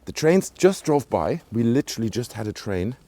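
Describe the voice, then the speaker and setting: A man with a British-sounding accent and a medium-pitched, warm, sing-song voice chats at a moderate pace to viewers. He's walking around a small rural village, filming on a handheld camera. His casual vlog commentary rambles with many asides and fillers.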